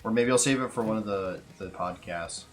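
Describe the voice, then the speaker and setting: A young man co-hosting a casual podcast chat, telling profane, animated stories. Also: lowish voice, brisk, faint music behind. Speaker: podcast co-host.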